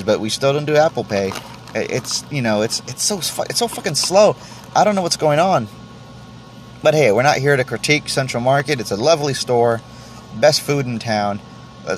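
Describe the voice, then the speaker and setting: A podcast host with a medium-pitched voice rambles by himself while trying tea, cracking self-deprecating jokes. Swearing is frequent and he stumbles over restarts; slight background noise is present.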